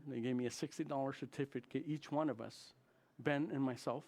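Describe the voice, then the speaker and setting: A man who is a chaplain, telling a story of his trip to a congregation in an animated way and acting out the dialogue. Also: brisk. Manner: animated, acts out dialogue with big jumps in pitch and volume. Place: church.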